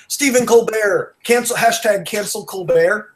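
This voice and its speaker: A man hosting a casual podcast chat, wired on coffee, rushed and rambling, blunt and profane. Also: sits high. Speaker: podcast host.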